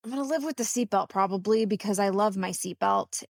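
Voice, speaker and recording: A woman co-hosting a casual comedic chat, with crisp, careful enunciation and a dry, wry manner. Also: medium pitch, a little fast, no room sound. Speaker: podcast co-host.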